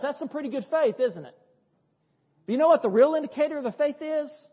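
A male pastor preaching a sermon, telling stories in a lively, conversational way with rhetorical questions. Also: extremely high pitch, brisk. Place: church sanctuary. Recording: dull audio with long church reverb.

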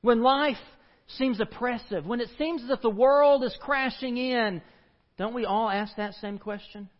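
A man pastor preaching a sermon in a church, dramatic, with sharp rises and falls in pitch and volume. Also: measured pace. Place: church sanctuary. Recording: dull lo-fi audio with long church reverb.

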